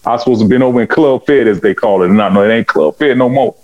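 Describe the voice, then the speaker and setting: On a muffled recording, a medium-pitched man speaking fast shares his life story as an interview guest. His emotional testimony is fervent and preachy, and he animates the dialogue he recounts with dramatic swings in his voice.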